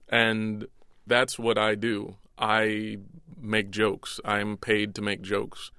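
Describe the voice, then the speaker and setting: A man's voice: fairly low pitch, little pitch movement, slow pace, vocal fry, bright, forceful tone, clean tone, no echo, studio quality. A man from the United States, a comedian, talking thoughtfully and self-deprecatingly in a radio interview. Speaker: comedian guest. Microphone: studio mic, remote.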